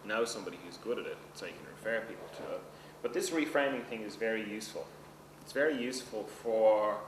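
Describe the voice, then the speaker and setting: A man teaches a seminar in a casual, chatty way, often asking his class if they follow. He is recorded from a distance in a roomy hall, and steady background noise runs under his voice. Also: lowish voice. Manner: conversational, checks in with the class often. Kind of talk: seminar lecture. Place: seminar room.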